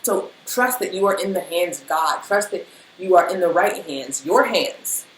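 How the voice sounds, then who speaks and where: A woman's voice: on the low side, moderate pace. Woman, spiritual reader, casual and emotional motivational talk; echoey room with faint noise. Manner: emotional, animated, speaks in rhythm with many fillers.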